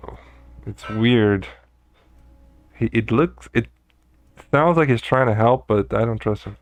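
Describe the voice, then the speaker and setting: A man giving relaxed, wry commentary as he plays a video game, often talking to himself. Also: mid-range voice, a little slow. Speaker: gamer streamer.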